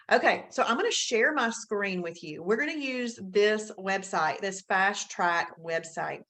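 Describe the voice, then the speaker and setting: This live webinar host has a Southern US accent from Alabama and a medium-pitched, a bit bright voice with lively intonation. She talks a little slowly yet barely pauses, chatting upbeat and calling out viewers by name.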